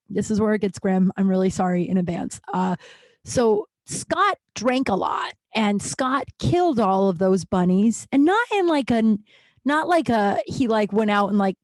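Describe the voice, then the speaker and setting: A woman's voice: on the high side, a little mellow, no echo. A young woman hosting a podcast, telling a story in a rambling casual way, full of fillers and restarts. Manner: rambling, many "like" fillers and restarts, wry laughs. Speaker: podcast host.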